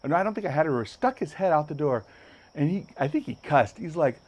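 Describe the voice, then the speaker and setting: Animated storytelling man, slightly high voice. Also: fast. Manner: acts out other people's lines in a high excited voice. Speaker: podcast host. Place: podcast studio.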